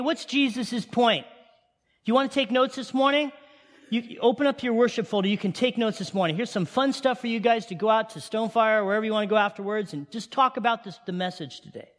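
A man preaching a sermon to his congregation, animated and firing questions at them. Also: high voice, brisk. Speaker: pastor. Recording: long hall reverb.

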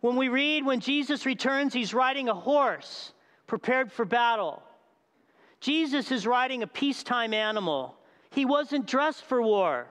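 A man preaching a sermon, animated, asking the crowd questions and acting out scenes. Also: very high voice, a little slow, smooth. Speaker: pastor. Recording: long hall reverb.

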